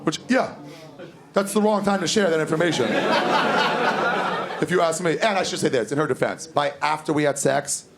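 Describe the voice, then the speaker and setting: A man in his thirties doing a stand-up comedy set on a club stage, telling crude stories in a deadpan way and breaking into loud acted outbursts. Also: on the high side, normal speed, creaky, long pauses, heavy background noise. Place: comedy club stage before a live audience. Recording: live club recording, loud laughing crowd.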